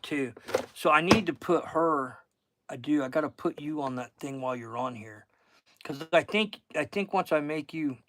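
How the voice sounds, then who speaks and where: A man's voice: a little high, bright, forceful tone, no room sound. A middle-aged man with a Southern accent, a fishing guide hosting a casual livestream, chatting in a rambling way and thanking viewers by name.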